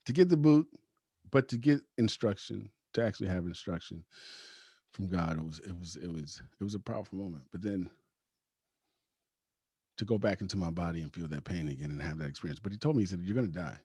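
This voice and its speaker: A man with a husky voice, a podcast guest telling a personal story casually, laughing often and acting out the lines of the people in it. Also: sits low, a little fast, pauses often, mellow, dry recording. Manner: acts out quoted dialogue.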